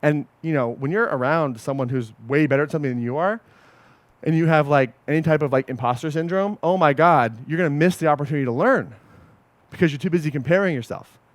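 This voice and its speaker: A man coaching a group in a casual, animated way, swearing often and checking in with his listeners. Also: a little high, fast, no echo. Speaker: podcast host and coach.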